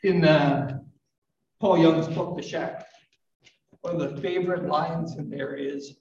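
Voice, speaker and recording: Gentle older man preaching in a roomy hall. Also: a little high, steady tone, slow pace, pauses often, slight background noise. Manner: gentle, reflective, with soft asides and light self-deprecating humor. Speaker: pastor. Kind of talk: sermon. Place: church hall at a live service. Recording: roomy, distant, dull live recording.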